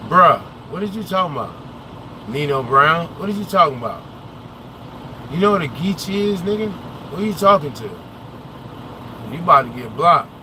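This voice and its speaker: A man's voice: a little high, big pitch swings, normal speed, pauses often, noisy background. A young man, a trucker vlogger, chats casually from inside his truck cab, answering viewer comments in a rambling, opinionated way and sometimes losing his train of thought.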